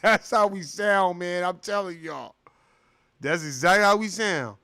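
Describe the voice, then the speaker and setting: A man's voice: high voice, measured pace, pushed and bright, smooth, no room sound, clean studio sound. A man hosting a vlog, ranting in heated, profane commentary with a sing-song delivery. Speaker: vlogger, show host. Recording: hip hop music playing behind. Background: hip hop music.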